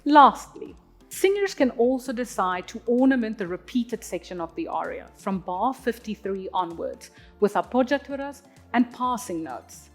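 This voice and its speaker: Lively high-voiced woman teaching singing. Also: moderate pace, soft background music. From South Africa. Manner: clear teacherly explaining, demonstrates Italian words. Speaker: opera singer teaching. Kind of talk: instructional talk on singing.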